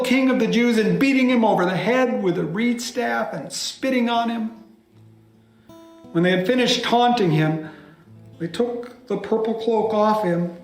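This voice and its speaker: A man, a pastor, telling a scripture story by heart with dramatic delivery, dropping some lines to a hushed whisper. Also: sits high. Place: church. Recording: echoey church room.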